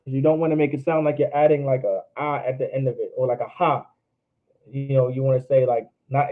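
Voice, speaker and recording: A man's voice: medium pitch, fairly even intonation, brisk. A man teaching an online alphabet class in a casual way, repeating and drilling each letter sound aloud. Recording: tinny phone-like line.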